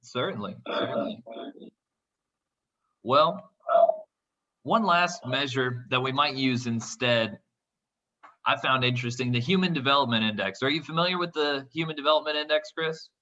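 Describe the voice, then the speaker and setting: A man's voice: mid-range voice, normal speed, sharp tone, lo-fi sound. A man hosting a podcast, chatting casually about economics in a friendly way with frequent restarts. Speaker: podcast host.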